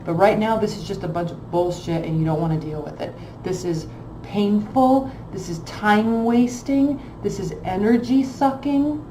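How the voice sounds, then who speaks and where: A woman's voice: medium pitch, normal speed, warm tone, reverberant, a little hiss or hum, low-quality recording. A woman reading tarot cards in a blunt, emphatic way, repeating phrases for stress. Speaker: tarot reader.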